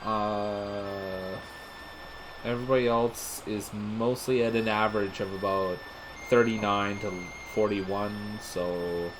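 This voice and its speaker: A man hosting a let's play talks over his game with a fairly low pitch, a steady tone, and a slow pace, casually thinking aloud as he comments. Game music plays underneath, and the background is noisy.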